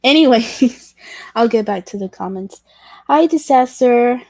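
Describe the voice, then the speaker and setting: A woman hosting a casual livestream chat with viewers, talking in a halting way with many restarts and self-corrections, candid and self-deprecating. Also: on the high side, animated, mellow, dry recording. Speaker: livestream host chatting with viewers.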